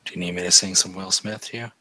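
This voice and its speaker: Low-voiced man, wry and teasing. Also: fairly even intonation, fast, bright, forceful tone, dry recording. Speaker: podcast co-host. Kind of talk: casual chat.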